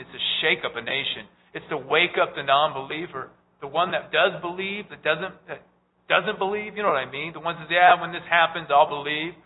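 A man preaching a sermon, rising to loud, urgent pleading and dropping to hushed tones, often repeating phrases. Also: on the high side, a little hiss or hum. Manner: repeats phrases and restarts mid-sentence. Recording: tinny phone-like sound with long hall reverb.

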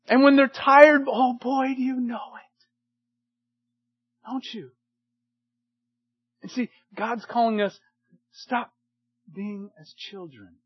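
Older male pastor, emphatic sermon delivery, high and dry, loud then hushed. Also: level tone, takes it slowly, long pauses, slightly rough, dry recording, highs cut off. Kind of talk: sermon to men.

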